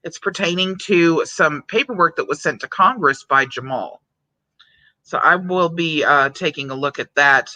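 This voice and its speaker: Bright, giggly woman livestreaming. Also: deep voice, normal speed, dry recording. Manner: giggly, breaks into frequent laughter. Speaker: livestream host reading viewer chat. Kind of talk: casual livestream chat.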